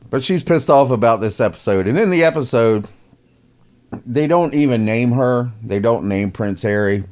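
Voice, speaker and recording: A man's voice: mid-range voice, animated, measured pace, a little mellow. A man casually mocking a news story as a podcast host, laughing often and repeating himself. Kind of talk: casual opinion commentary.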